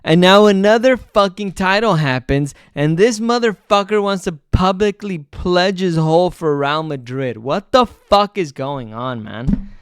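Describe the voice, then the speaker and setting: A man's voice: fairly high pitch, clean tone, no room sound, clean studio sound. A man giving casual, profane, exasperated commentary as a football vlogger, rambling with fillers.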